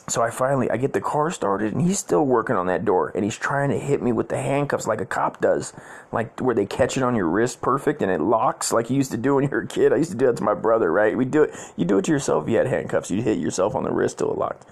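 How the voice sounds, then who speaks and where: A man with a gravelly, mid-pitched voice tells a personal story on his podcast. He rambles, swears freely and circles back over the same phrases. He often breaks into laughter as he talks. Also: lively intonation, quick pace. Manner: profane, rambling, repeats himself, laughs often. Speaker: podcast host.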